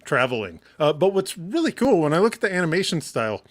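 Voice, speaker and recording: A man from Michigan co-hosting a casual live entertainment show, excitable and swearing freely, laughing often. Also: on the high side, fast talker. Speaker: co-host. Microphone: wired mic on a short cord.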